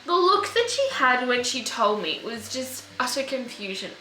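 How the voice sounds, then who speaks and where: Young woman, tearful and halting, bright voice, echoey room, faint music behind. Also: fairly high pitch, sing-song. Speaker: vlogger. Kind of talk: personal video diary.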